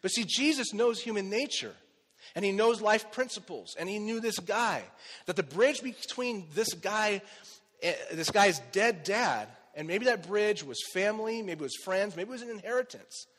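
Chatty pastor, higher male voice, reverberant. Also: lively intonation, moderate pace, a bit bright. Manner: conversational, rhetorical questions, frequent "okay?" and "right?". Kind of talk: sermon. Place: church.

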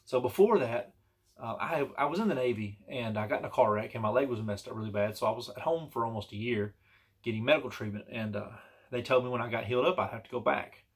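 A man's voice: medium pitch, fast, slightly rough. A man telling a personal story in a casual, rambling and earnest way, with many restarts and fillers. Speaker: vlogger telling personal stories.

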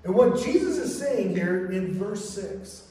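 Casual pastor preaching in an echoey church. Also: male voice, sits high, expressive, measured pace, dark tone. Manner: casual storytelling, says "man" and "right?" often. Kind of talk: sermon. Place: church sanctuary. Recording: echoey church hall from far off.

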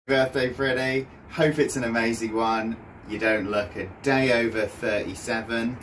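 A man's voice: medium pitch, steady tone, a little slow, slight background noise. Teasing man recorded from a distance. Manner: warm teasing, laughing.

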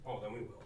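A man co-hosting a live stream, chiming in with playful jokes. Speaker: co-host. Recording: roomy echo from mic distance, faint noise.

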